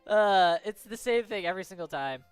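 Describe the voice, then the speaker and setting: A giggly, animated woman reading fan questions in casual stream chat. Her pitch moves a great deal, and faint music plays underneath. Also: brisk, clean tone. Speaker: game creator.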